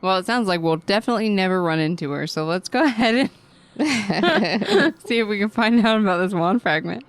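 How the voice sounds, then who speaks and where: A woman takes part in a tabletop game as a player, speaking in a hesitant, halting way full of fillers and restarts. Her voice sits at a middle pitch for a woman. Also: expressive. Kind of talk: casual tabletop game play.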